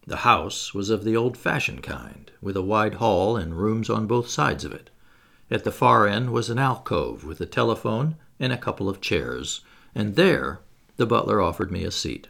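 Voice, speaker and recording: A man narrates an adventure novel as an audiobook. His voice sits low and gravelly, yet his pitch moves a lot as he reads with drama. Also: moderate pace. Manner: expressive, dramatic reading.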